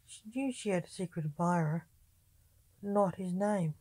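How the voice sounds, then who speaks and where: A woman reading her own story aloud in measured storybook narration. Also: on the low side, mellow, slightly rough, no echo.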